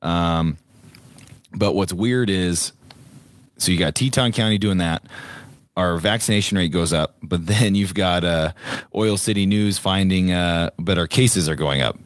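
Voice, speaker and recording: A man's voice: low-pitched, a little slow, no room sound, clean studio sound. A man co-hosting a casual political talk show, emphatic and repetitive, with many fillers. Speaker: podcast co-host.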